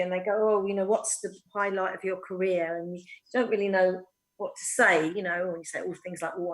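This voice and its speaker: A woman's voice: lowish voice, poor audio. Chatty woman telling stories. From East End of London. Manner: chatty, laughing storyteller with many "um"s. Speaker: guest actress. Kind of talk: casual anecdote telling.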